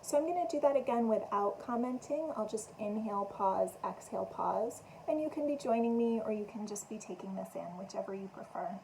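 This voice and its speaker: Calm woman guiding a breathing meditation. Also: fairly high pitch, a little hiss or hum, rough recording. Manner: calm, gentle, unhurried instruction. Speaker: meditation teacher.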